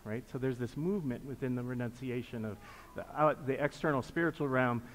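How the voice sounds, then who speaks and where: A man's voice: mid-range voice, a little fast. A man leading a congregation through liturgical renunciations, patiently repeating his prompts and inviting responses. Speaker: pastor leading a group reflection. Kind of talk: interactive liturgical teaching. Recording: long reverb with faint background noise.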